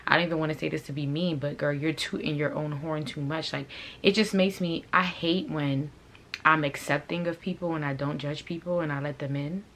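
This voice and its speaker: A woman's voice: low-pitched, fairly even intonation, a little fast, fairly bright tone, slight background noise. A woman vlogger and clothing brand owner telling a storytime to camera in a blunt, profane, fired-up way. She comes from a Haitian family.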